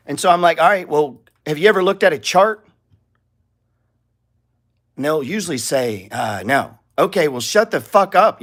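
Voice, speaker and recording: Brief: high-voiced male trading teacher, blunt and profane, talks through charts with rhetorical questions. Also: a bit bright. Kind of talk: live trading lesson with charts.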